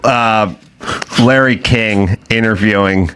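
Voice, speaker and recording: A man's voice: on the low side, takes it slowly, a little hiss or hum. A man hosting a casual talk show, riffing and joking with his guests. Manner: animated, riffing jokes. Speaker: host. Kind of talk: casual chat.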